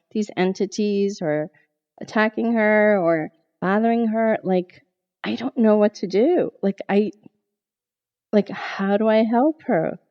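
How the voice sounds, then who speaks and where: A middle-aged woman, a therapist guest on a podcast, telling a personal story in an animated way and acting out her own past thoughts. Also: mid-range voice, lo-fi sound.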